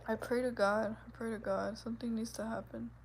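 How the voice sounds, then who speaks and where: A woman in her twenties chatting casually with her viewers, with a soft, gentle voice and a giggly, rambling way of talking that is full of "like". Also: on the high side, level tone, fairly quick, noisy background. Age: 20s. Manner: chatty, giggly, fills speech with "like". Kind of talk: casual livestream chat.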